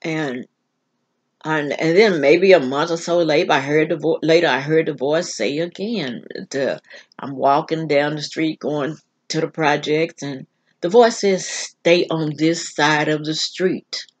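A woman telling a personal story on her vlog in an earnest, halting way, often restarting. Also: low voice, slightly rough. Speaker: vlog host.

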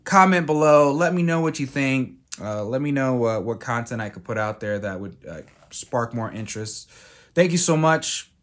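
A man's voice: mid-range voice, animated, normal speed. A man hosting his own card-collecting channel, chatting casually as he reads out each card name and cracks self-mocking jokes. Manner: reads card names aloud, jokey and self-mocking, with fillers and restarts. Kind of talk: casual card-opening commentary.

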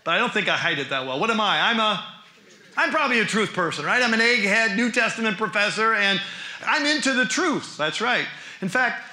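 A man who teaches the New Testament as a professor, giving an animated church lecture full of rhetorical questions. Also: high voice, brisk. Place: church hall. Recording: roomy church hall.

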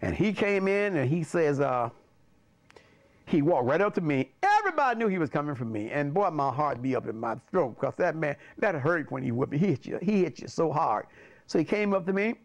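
Older man, pastor, lively swooping voice, fairly high pitch, chuckling storyteller. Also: a little fast. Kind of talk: personal storytelling.

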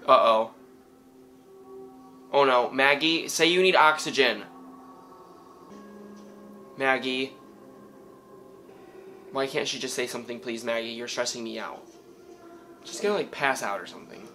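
A man hosting a reaction video, talking back to the screen in excitable, casual commentary. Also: mid-range voice, moderate pace, long pauses, soft background music, low-quality recording.

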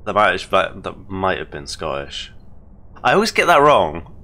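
Slow, deep-voiced English man. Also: wildly swooping pitch, pushed and bright. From England. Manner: rambling, self-deprecating, laughs often. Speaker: let's play host. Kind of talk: casual gaming commentary.

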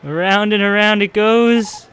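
A man's voice: high-pitched, steady tone, unhurried, a bit bright, clear, resonant tone. A man streaming a park-building game, giving casual play-by-play that swings from chatty narration to exasperated outbursts. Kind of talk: casual gameplay commentary.

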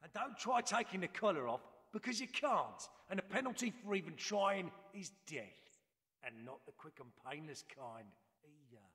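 An actor playing a gruff male drill sergeant who barks mocking orders at a new recruit. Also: high-pitched, big pitch swings, moderate pace, bright, forceful tone, long reverb tail, heavily acted.

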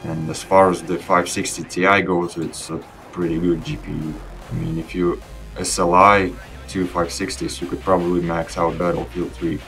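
A young man whose first language is Russian, giving a relaxed, rambling voice-over review of his gaming PC over gameplay, with casual restarts. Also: low voice, normal speed, creaky, faint music behind. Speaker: PC gaming channel host.

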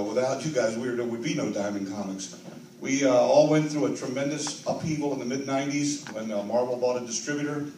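A man's voice: medium pitch, darkish tone, a little hiss or hum. An older man giving a grateful, earnest award acceptance speech at a convention banquet, building to emphatic peaks. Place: large convention banquet hall. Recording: roomy hall echo, distant mic, audible ambience.

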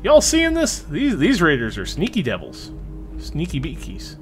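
A young man casually commenting on his gameplay, chatty and excitable, swearing freely as he plays. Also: on the high side, unhurried, faint music behind. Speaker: let's play host.

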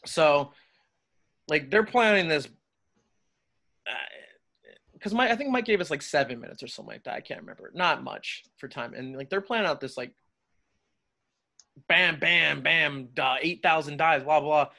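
A man with a fairly high, bright, sharp voice tells backstage stories as a podcast guest. He talks in a loose, animated, profane way, like he's chatting with a friend. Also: normal speed, creaky, long pauses. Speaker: guest wrestler. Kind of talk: casual interview storytelling.

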